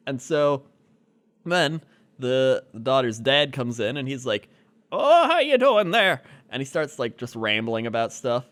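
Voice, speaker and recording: A man's voice: medium pitch, steady tone, measured pace, fairly bright tone. A man co-hosting a casual comedy podcast, rambling through a story with lots of fillers and easy laughs. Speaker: podcast co-host.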